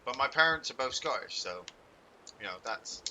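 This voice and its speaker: A man's voice: mid-range voice, animated, moderate pace. Chatty, swearing man streaming a game. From England. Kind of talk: casual live gameplay commentary. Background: game noise, hoofbeats and clicks.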